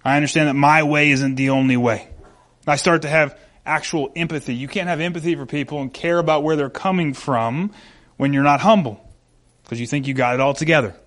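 Earnest man preaching, slightly high voice. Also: brisk, fairly bright tone. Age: adult, married. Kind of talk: sermon.

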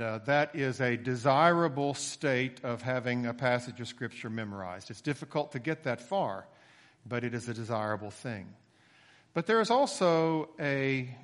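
A man preaching a sermon, measured and deliberate, slowing down to stress key phrases. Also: medium pitch, big-room sound. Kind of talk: sermon with scripture reading.

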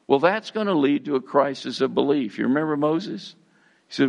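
Folksy preacher, gravelly voice. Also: male voice, medium pitch, expressive, normal speed. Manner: conversational, with fillers and folksy phrases. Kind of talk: sermon. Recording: slightly dull, muffled sound.

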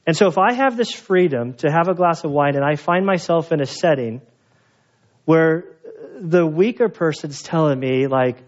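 A man preaching a sermon in a lively, conversational way, acting out the people he quotes. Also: a little high, normal speed. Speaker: pastor. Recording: dull lo-fi sound.

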